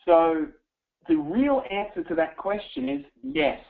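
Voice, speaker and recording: A man teaching a live audience how to close sales, coaching them directly with an animated manner. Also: high-pitched, unhurried, gravelly. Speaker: sales trainer. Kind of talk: live sales training talk. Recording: tinny phone-like recording. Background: audience present.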